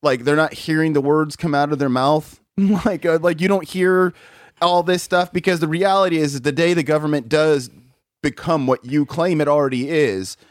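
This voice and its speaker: A man's voice: a little high, normal speed, no echo, studio quality. A man hosting a podcast in casual chat, ranting with lots of swearing and laughing between points. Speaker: podcast host.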